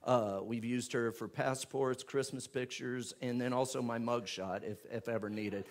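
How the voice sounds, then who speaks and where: A man, a pastor making church announcements in a chatty, joking way before rising into loud, fervent prayer. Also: medium pitch, fairly even intonation, moderate pace. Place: church sanctuary with live congregation.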